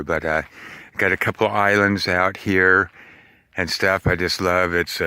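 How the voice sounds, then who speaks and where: A man casually showing his van-life gear outdoors by a river, rambling and relaxed with lots of fillers and restarts. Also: low voice, clear, resonant tone, no room sound. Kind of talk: casual vlog walkthrough.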